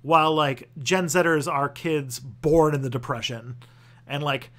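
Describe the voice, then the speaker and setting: Slightly high and bright but steady in tone, this young man's voice carries a relaxed livestream Q&A. His answers to viewers wander and stall, full of restarts and a few profanities here and there.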